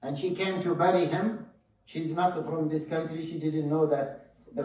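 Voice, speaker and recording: A man preaching a sermon, telling a story with passion, shifting between loud stresses and hushed moments. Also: fairly high pitch. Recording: very echoey hall, mic at a distance.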